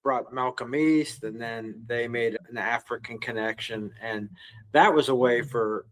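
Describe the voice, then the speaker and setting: A man hosting an interview, asking questions in a halting way with frequent restarts. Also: medium pitch, fairly bright tone, poor audio. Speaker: podcast host.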